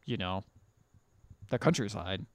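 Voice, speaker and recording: A man's voice: on the low side, measured pace, no echo. A man with an American accent co-hosting a podcast, casually retelling a film and acting out the characters' lines. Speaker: podcast co-host. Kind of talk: casual chat, recapping a film.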